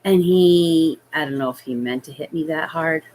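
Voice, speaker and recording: A woman telling a personal childhood story in a hesitant, halting way, full of fillers. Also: sits low, darkish tone, low-quality recording. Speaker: vlogger.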